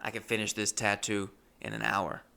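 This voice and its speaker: A man quoting a gruff, touchy tattoo artist. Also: on the low side, very animated, normal speed, sharp tone, heavily acted. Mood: stubborn.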